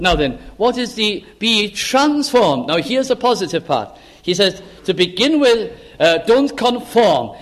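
A man's voice: high-pitched, very animated, measured pace. A man preaching a sermon, earnest and building to impassioned appeals.

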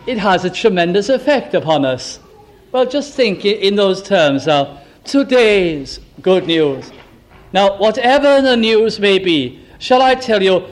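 A man preaching a sermon with fervour, asking the listeners question after question and slowing right down to stress key phrases. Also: high-pitched. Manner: fervent, asks the listeners many rhetorical questions.

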